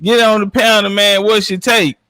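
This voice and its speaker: A man's voice: high-pitched, level tone, moderate pace, pushed and bright, no echo, studio quality. Brash trash-talking man. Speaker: podcast panelist. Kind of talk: boastful casual chat.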